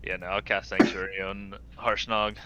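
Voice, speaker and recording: A man's voice: low-pitched, level tone, normal speed, muffled recording, over a noisy crowd. A man playing a tabletop game, talking hesitantly and restarting his sentences. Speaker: player. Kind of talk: casual game-table banter.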